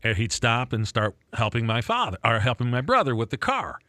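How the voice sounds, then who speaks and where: A man's voice: medium pitch, sing-song, a little fast, pushed and bright, no echo, clean studio sound. A man co-hosting a radio after-show, chatting casually and telling family stories with stops, restarts and chuckles. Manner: rambling, chuckling, self-interrupting. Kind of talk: casual chat. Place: Rochester, New York area.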